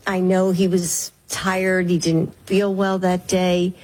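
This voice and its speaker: Slow, measured woman in an interview. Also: lowish voice, flat delivery, darkish tone, rough recording. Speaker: interview guest. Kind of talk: recorded interview clip.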